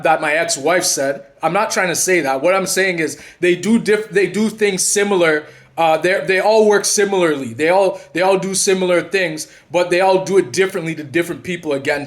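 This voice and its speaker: A man with a fairly high voice talks straight to his viewers in a loose, unscripted monologue. He keeps restarting his sentences and repeating words. When he retells past conversations he drops lower and quieter. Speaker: channel host and narcissism coach. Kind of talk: casual talking-to-camera monologue.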